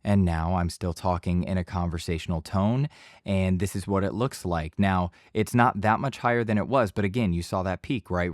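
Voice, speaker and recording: A man giving a casual voice-over tutorial in a home studio, speaking in a relaxed conversational tone into a studio microphone. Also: sits low, no room sound. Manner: relaxed conversational teaching, occasional bursts of yelling demos. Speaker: voice-over instructor.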